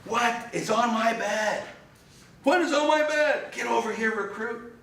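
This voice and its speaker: A man's voice: very high-pitched, measured pace, vocal fry, a bit bright, voice pushed up, exaggerated voice. A man acting out a screaming boot camp commanding officer who scolds a recruit, in a speech recorded from far off in an echoey room. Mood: outraged. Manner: screaming in outrage.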